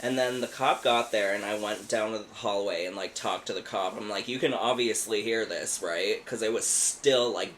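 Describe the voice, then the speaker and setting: A man's voice: lowish voice, moderate pace, hardly any pauses, fairly bright tone, slight background noise, poor audio. A man in his thirties on a podcast, telling a story in a casual, rambling way, swearing a lot and filling it with "like". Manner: profane, rambling, lots of "like". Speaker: podcast co-host.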